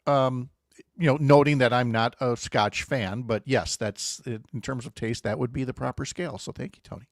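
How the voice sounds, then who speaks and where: A man's voice: medium pitch, steady tone, normal speed, no room sound, clean studio sound. A middle-aged man hosting a morning radio show in a casual, joking way, with wry asides. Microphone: studio microphone.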